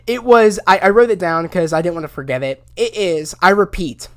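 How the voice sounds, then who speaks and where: A man recapping a TV episode in a casual, rambling way, full of "you know" fillers and bursts of loud excitement. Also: sits high, a little fast, hardly any pauses, no echo, clean studio sound. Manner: rambling, heavy on fillers, gets loud and excited retelling scenes. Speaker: show recap reviewer.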